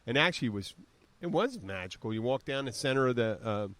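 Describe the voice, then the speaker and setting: A man's voice: medium pitch, animated, quick pace, fairly bright tone, no echo. A man in his fifties from the southern United States hosting a podcast, rambling through stories in casual chat and mimicking voices as he retells them. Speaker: podcast host.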